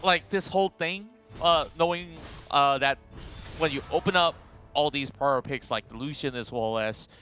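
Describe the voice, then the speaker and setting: Bright-voiced male esports caster. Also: a little high, normal speed, faint music behind. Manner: animated, chatty play-by-play with frequent fillers. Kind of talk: live esports commentary.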